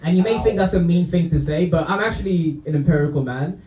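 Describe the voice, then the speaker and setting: A man's voice: on the high side, fast, reverberant, crowd noise. A young man from Romania doing a stand-up routine in a comedy club, often laughing at his own jokes and tossing in dry asides.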